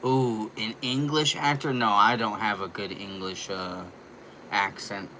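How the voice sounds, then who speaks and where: A man's voice: lowish voice, steady tone, measured pace, sharp tone. Rambling young man on a noisy livestream. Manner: rambling, loose, lots of fillers and profanity. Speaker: livestream host. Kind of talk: casual livestream chat.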